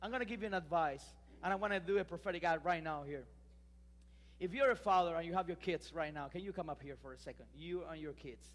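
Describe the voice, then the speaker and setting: A male pastor, preaching a lively sermon full of restarts and emphatic rises. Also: on the high side, quick pace, in a large hall. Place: church sanctuary.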